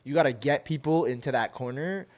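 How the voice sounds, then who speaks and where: A man co-hosting a podcast in laid-back, casual talk, laughing and slipping into quick voices. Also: mid-range voice, darkish tone. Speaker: podcast co-host.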